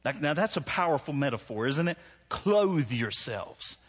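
A man's voice: a little high, fast, fairly bright tone. A man pastor, preaching a sermon in a conversational, self-deprecating way that rises into emphatic preaching. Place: church hall. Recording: long hall reverb.

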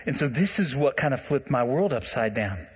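Animated male preacher in a reverberant hall. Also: medium pitch, normal speed, husky. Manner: animated preaching, talks to the congregation directly. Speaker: pastor. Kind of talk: sermon.

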